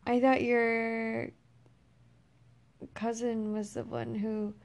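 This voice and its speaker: A woman's voice: a little high, little pitch movement, very slow, gravelly, a little mellow. Woman reacting with short exclamations. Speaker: listener. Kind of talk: casual chat.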